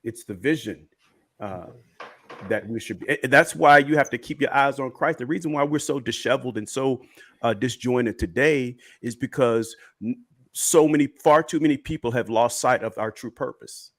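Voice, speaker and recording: A man's voice: medium pitch, normal speed, a bit bright. A man who is a minister co-hosting a casual faith talk, driving his points home with repeated phrases. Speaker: minister and co-host.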